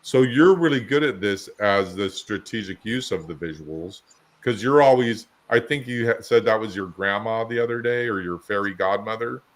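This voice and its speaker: Man, lowish voice, podcast co-host, rambling storyteller, casual chat. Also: moderate pace. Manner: rambling storyteller, chatty anecdotes.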